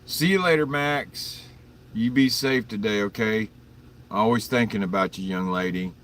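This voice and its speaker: A man's voice: lowish voice, normal speed, a bit bright, distant mic, slight background noise. A man casually chatting to viewers on an early-morning livestream, telling rambling, profane stories and greeting people in the chat by name. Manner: rambling, profane storytelling with frequent chuckles. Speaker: livestream host.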